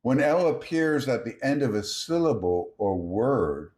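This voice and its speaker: Male language tutor, measured delivery, slow pace, animated pitch. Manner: measured, reads example words one by one. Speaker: language teacher. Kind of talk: slow scripted language lesson.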